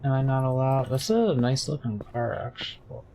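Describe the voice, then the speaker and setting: A man's voice: mid-range voice, expressive, moderate pace, warm tone, slight background noise. A man streaming a game, chatting casually in a rambling, jokey way while he reads chat.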